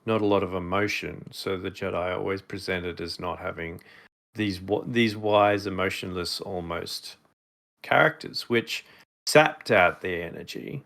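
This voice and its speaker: A man's voice: deep voice, a little slow, vocal fry, a bit bright. A man co-hosting a podcast in casual chat, rambling with many fillers and restarts. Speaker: podcast co-host.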